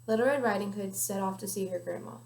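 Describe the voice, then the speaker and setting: A woman's voice: mid-range voice, fast, creaky. A young woman reading a children's picture book aloud carefully, with small slips now and then. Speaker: guest reader. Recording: echoey room.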